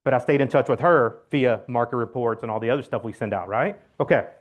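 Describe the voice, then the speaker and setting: A man giving a loud, blunt, joking talk to his real estate team, acting out phone calls as he goes. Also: medium pitch, fast, muffled recording. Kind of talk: motivational team meeting talk. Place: meeting room.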